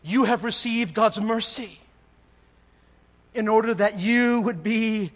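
High-voiced male pastor in a reverberant hall. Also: slow. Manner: earnest preaching that swings between bursts of emphasis and quiet, intense asides. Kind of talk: sermon. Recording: long reverb of a large church hall.

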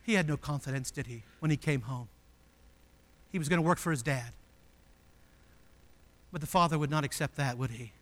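A man preaching a sermon as pastor, emphatic and full of rhetorical questions, swinging between loud declarations and hushed, intimate passages. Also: fairly high pitch, moderate pace, pauses often.

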